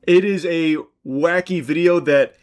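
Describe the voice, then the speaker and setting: A man narrating his reactions to viral clips, dry and sarcastic, with constant swearing. His voice sits slightly higher than usual for a man. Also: a little slow, smooth. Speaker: online commentary host. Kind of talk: profane comedic video commentary.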